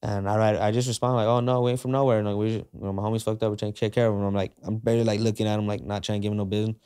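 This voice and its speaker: Low-voiced man telling a story casually. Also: racing, clear, resonant tone. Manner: slangy, animated retelling that acts out quoted dialogue; frequent fillers like "like" and "uh". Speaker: podcast guest.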